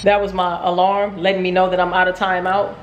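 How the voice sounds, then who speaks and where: Animated, profane woman vlogger in echoey room. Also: lowish voice, brisk, soft background music. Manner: profane, animated, self-mocking. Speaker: trading vlogger. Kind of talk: casual storytelling vlog.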